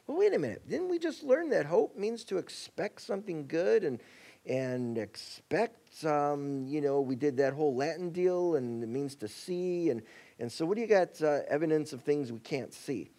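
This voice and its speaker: Man, pastor, sermon, animated pitch, conversational, acts out quotes. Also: moderate pace, creaky. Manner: conversational preaching, acts out quotes, rising and dropping to a hush.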